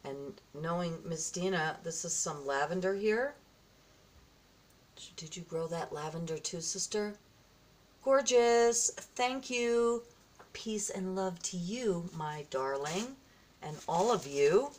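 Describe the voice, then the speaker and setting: A woman's voice: on the low side, expressive, slow pace, darkish tone. A woman vlogging casually as she opens gifts, effusive and gushing, often gasping and exclaiming. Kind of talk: casual vlog, opening gifts from a viewer.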